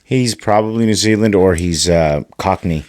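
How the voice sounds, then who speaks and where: Very deep-voiced man making dry remarks. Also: moderate pace, darkish tone, no echo. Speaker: podcast co-host. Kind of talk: casual chat.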